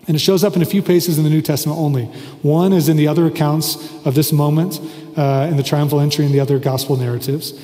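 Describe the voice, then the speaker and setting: Echoey, mellow-voiced man preaching. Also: a little high, quick pace. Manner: relaxed storytelling with joking asides. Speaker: pastor. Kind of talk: sermon. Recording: echoey hall reverb.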